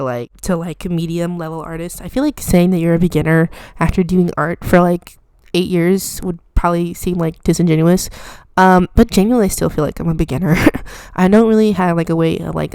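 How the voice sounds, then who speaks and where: A woman's voice: lowish voice, creaky, darkish tone, clean tone, no room sound. A young woman hosting an art channel, chatting casually over her drawing in a rambling, self-deprecating way with lots of fillers and little laughs.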